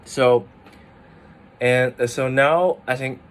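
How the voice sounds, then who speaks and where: A man explains pronunciation in an unhurried, chatty way. His speech is slow and full of "like" fillers and restarts. A faint background noise sits under his voice. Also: mid-range voice, fairly even intonation. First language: Mandarin Chinese. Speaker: language teacher. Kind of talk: casual explainer video.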